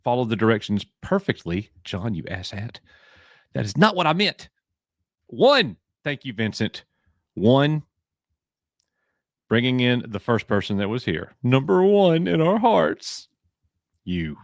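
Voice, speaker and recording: A man's voice: mid-range voice, big pitch swings, a little slow, pauses often, no room sound, studio quality. A man from Alabama with a Southern accent, hosting a casual live stream, joking and bantering as he reads names from chat.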